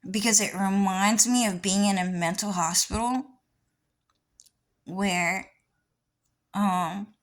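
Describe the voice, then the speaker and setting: A woman's voice: mid-range voice, steady tone, slow, long pauses. A woman vlogger talking in a casual, rambling monologue with many restarts and frequent swearing.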